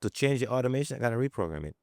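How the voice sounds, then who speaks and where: A man's voice: medium pitch, expressive, racing, clear, resonant tone, no echo, studio quality. A man hosting a podcast interview, reflecting aloud and repeating words as he builds a point. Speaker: podcast host. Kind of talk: casual interview.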